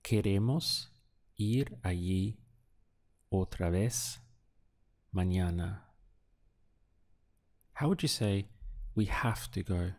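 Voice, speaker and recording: A man in a recorded lesson, patient and deliberate, pausing for the learner to answer. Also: low voice, darkish tone. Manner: slow, patient drills with pauses for the learner. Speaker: language teacher.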